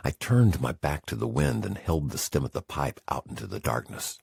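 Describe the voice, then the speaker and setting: A man's voice: rumbling low, sing-song, normal speed, creaky, hardly any pauses, slightly rough, no echo, studio quality. A man narrating a memoir audiobook in the first person with intense, emotional storytelling.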